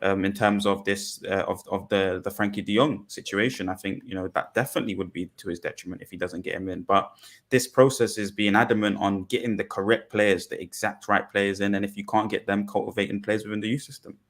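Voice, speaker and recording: A man talking things through deliberately on a fan podcast panel, with many pauses and restarts. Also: lowish voice, fairly even intonation, a bit bright. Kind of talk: measured fan podcast discussion.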